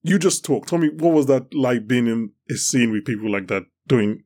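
A man hosting a podcast in a pub, asking questions in a relaxed way with lots of fillers. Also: mid-range voice, moderate pace. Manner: casual, filler-heavy questioning. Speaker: podcast host. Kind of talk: casual podcast interview.

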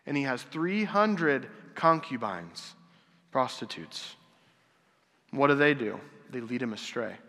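A man's voice: medium pitch, expressive, slow, pushed and bright. A man preaching a casual, conversational sermon, asking rhetorical questions and acting out quotes. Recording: long hall reverb.

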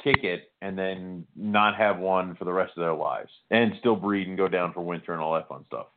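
A man's voice: low voice, normal speed. A man in casual chat who laughs a lot and swears freely while chiming into a story. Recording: tinny phone-like sound.

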